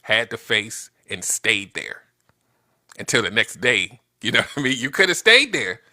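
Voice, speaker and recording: A man's voice: mid-range voice, sing-song, moderate pace, bright, forceful tone. A man talking as a guest on a talk show, explaining points animatedly and checking in with rhetorical questions. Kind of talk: casual conversation.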